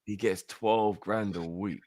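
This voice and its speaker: A man's voice: fairly low pitch, steady tone, slow, a little mellow, no echo, clean studio sound. A man co-hosting a fan channel, arguing about player wages in casual chat. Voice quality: argumentative, checking facts.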